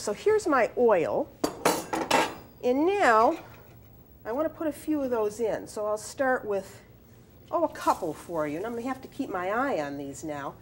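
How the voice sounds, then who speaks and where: A woman's voice: a little high, a little hiss or hum. An older woman hosting a cooking show, talking the viewer through a recipe step by step in a chatty, direct way from a studio kitchen. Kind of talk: cooking demonstration.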